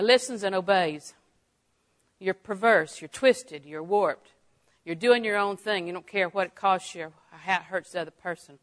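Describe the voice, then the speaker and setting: An older woman delivers a Bible lesson with a bright, clear tone. She chuckles often and voices her own thoughts in quick quoted asides. Her delivery swings from soft, confiding remarks to loud, emphatic lines. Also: medium pitch. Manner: lively, laughing often, acting out inner thoughts. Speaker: Bible teacher. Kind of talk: sermon.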